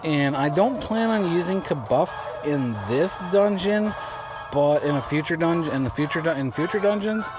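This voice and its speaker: A man with a fairly high, animated voice talks at normal speed as he plays, offering casual let's-play commentary. He rambles and keeps restarting or repeating lines, with game music audible underneath.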